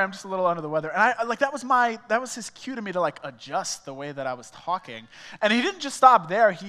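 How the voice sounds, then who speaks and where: A man's voice: fairly high pitch, bright, forceful tone. A young man preaching a sermon as a small groups pastor, telling stories in a conversational, self-mocking way. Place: church auditorium. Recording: reverberant church hall.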